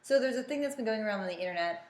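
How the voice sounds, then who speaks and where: A woman's voice: fairly high pitch, expressive, rapid-fire. An American woman chatting casually as co-host, explaining things in a rambling, easygoing way. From United States. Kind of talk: casual chat. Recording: echoey room with faint hiss.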